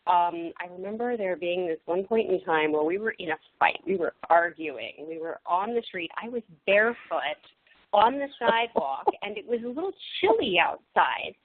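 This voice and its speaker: A woman's voice: lowish voice, animated, moderate pace, no echo. Giggly woman guest on a phone line. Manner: warm storytelling, giggles between phrases. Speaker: actress and activist, interview guest. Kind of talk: casual interview answers. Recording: dry tinny phone-line audio.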